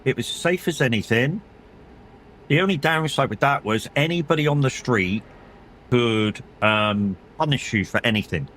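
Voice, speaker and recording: A man's voice: mid-range voice, lively intonation, normal speed, fairly bright tone, a little hiss or hum. A middle-aged man, chatting casually and rambling as he streams a driving game, swearing and laughing often. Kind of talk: casual chat while gaming.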